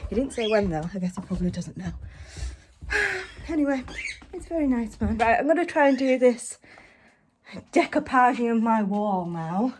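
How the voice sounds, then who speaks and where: A woman's voice: a little high, lively intonation, fairly quick, background noise. Chatty British woman vlogging at home. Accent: British English. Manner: chatty, rambling, self-deprecating, lots of fillers. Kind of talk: casual home vlog chat. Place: at home indoors.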